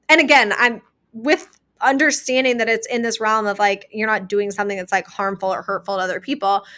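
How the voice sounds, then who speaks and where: A woman's voice: on the high side, sharp tone. A young woman hosting a podcast, talking casually and earnestly, full of "like" fillers. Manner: chatty, many "like" fillers, earnest advice. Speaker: podcast host. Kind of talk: casual solo podcast talk.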